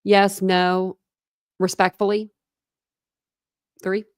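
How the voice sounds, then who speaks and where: A woman's voice: mid-range voice, little pitch movement, drawn-out words, no echo, studio quality. A young woman hosting a true crime channel, reading court documents aloud and breaking off into chatty commentary full of "like" fillers.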